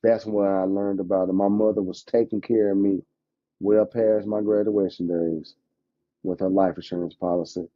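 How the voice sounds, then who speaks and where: A man, an insurance agent chatting casually as a podcast guest, lively and quick to laugh. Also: sits low, no echo. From Alabama, US. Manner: animated, talkative, laughs often. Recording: dull, dry lo-fi sound.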